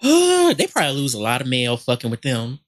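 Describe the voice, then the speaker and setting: A woman's voice: rumbling low, huge pitch swings, brisk. A woman co-hosting a comedy gossip podcast, making blunt, profane wisecracks in casual chat. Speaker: podcast co-host.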